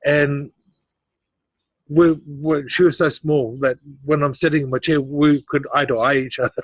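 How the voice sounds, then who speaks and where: A middle-aged man with a slightly raised pitch tells his story as an interview guest, acting out other people's voices as he goes. His delivery is animated and punctuated by laughs. The sound is dry and close, with no room echo. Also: unhurried, pauses often.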